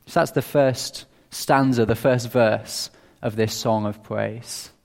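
Slow, gravelly-voiced preacher in echoing hall. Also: male voice, mid-range voice, steady tone. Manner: measured, earnest, with small restarts. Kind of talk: expository sermon. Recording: long reverb of a large hall.

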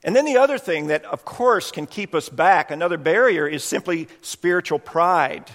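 High-voiced male preacher in a reverberant hall. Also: fairly bright tone. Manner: earnest, explanatory. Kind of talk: sermon.

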